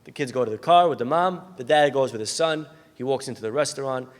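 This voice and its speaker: A man's voice: medium pitch, fast, few pauses. Man telling sermon stories in a reverberant hall. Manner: acts out the people in his stories with lively voice changes. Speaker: rabbi. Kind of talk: sermon storytelling.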